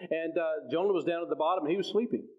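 A man's voice: on the high side, fast, dull audio. A man preaching a sermon in a conversational way, often repeating words and restarting phrases as he explains scripture.

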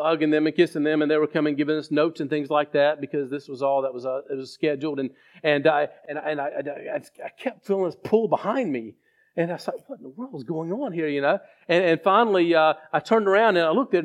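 A man's voice: fairly high pitch, muffled recording. A man preaching a sermon as pastor, telling a story with frequent restarts. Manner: halting storyteller with many restarts.

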